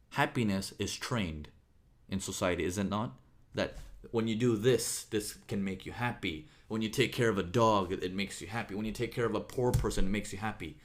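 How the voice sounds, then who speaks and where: Guy doing a motivational talk, kinda low voice, energetic, gets suddenly loud sometimes. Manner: energetic, sudden jumps in volume, asks "okay?" often. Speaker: motivational speaker.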